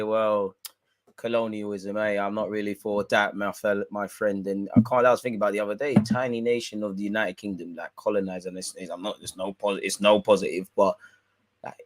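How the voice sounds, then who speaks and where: Excitable slangy man commentating. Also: on the low side, no echo. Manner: excitable, slangy, chatty with viewers. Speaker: watch-along host. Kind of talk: live football watch-along commentary.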